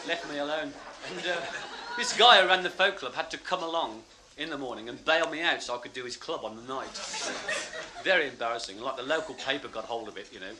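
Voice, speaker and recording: A man telling a story in stand-up, animated and laughing as he talks. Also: medium pitch, a little fast, crowd noise. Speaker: comedian. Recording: loud noisy live recording.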